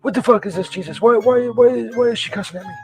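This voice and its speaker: A man playing a dim, foul-mouthed Saint Peter in a comedy sketch, who is baffled and then cusses in a high, yelling voice. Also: fast, soft background music. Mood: furious. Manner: bewildered, then explodes into profane rage.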